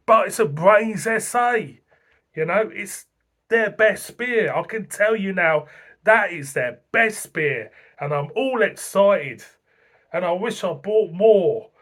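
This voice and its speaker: A man's voice: high voice, fairly bright tone. A man from Britain gushing in a casual beer review vlog, repeating himself and laughing often. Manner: enthusiastic, repetitive, laughing often.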